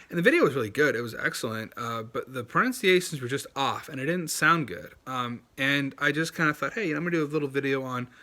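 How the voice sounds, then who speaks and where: A man with a bright, forward voice talks to camera in a casual tip video. His delivery is loose and chatty, full of "um" and "like", yet earnest and emphatic when he repeats what matters. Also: medium pitch. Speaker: language-learning YouTuber.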